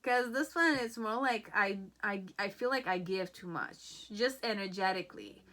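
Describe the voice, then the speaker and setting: Bright-voiced chatty woman tarot reader. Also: mid-range voice, moderate pace. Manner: chatty, rambling, frequent "okay?" and "you know". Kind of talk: casual pick-a-card reading.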